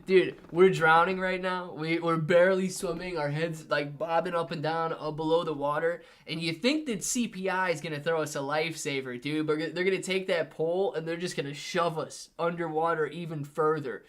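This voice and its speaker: A man's voice: on the high side, moderate pace, few pauses. A man hosting a live stream, reading viewer messages aloud in casual, slangy chat. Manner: animated, slangy, says "man" and "dude" often. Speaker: livestream host reading chat.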